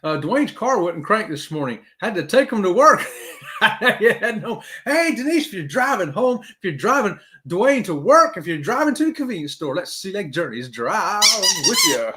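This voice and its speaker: A man's voice: moderate pace, slight background noise. A middle-aged man, hosting a casual live-stream chat and talking straight to his viewers. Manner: animated, talks straight to viewers with "y'all", swoops high for emphasis. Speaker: host of a live cruise chat show.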